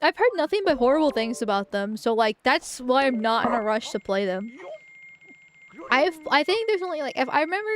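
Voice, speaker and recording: High-voiced woman rambling casually. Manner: rambling, with frequent restarts and fillers. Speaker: streamer. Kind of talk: casual game-stream chat.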